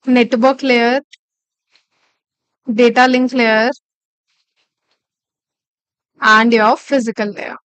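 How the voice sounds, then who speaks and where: High-voiced woman teaching a live class. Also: little pitch movement, slow, a bit bright, clear, resonant tone, no echo. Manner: explains step by step, repeats key phrases, checks in with "okay". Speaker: instructor. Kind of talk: live online lecture.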